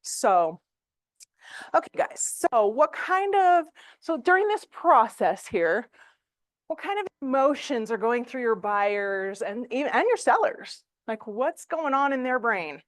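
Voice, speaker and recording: A chatty middle-aged woman leading a real estate training class, her voice a touch high. She talks with animation and fills her pauses with ums. The sound is dry and close. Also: dry recording. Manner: chatty, animated, with frequent fillers and laughs.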